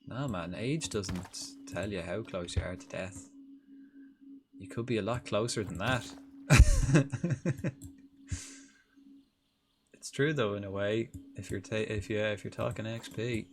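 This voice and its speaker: A man's voice: lowish voice, slow pace, long pauses, background noise. A young Irish man chatting casually on a live stream while he builds in a game, rambling, swearing freely and restarting his sentences. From Republic of Ireland. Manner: rambling, swears freely, restarts often, laughs at own jokes. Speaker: livestreamer. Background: music playing clearly.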